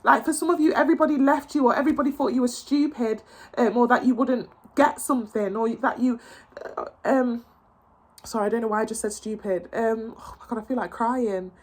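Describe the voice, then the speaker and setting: A woman's voice: a little high, moderate pace, a little mellow. A young adult woman giving a casual tarot reading, talking in an emotional, encouraging way with frequent restarts and repeated phrases. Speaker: tarot reader.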